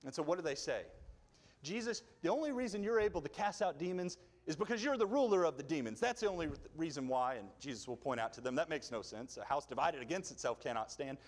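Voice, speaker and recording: A man preaching in a church, his voice pitched a little high for a man and ranging widely as he tells a Bible story. He acts out the quoted lines with sudden leaps in pitch. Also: animated, fast talker. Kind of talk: sermon. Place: church sanctuary.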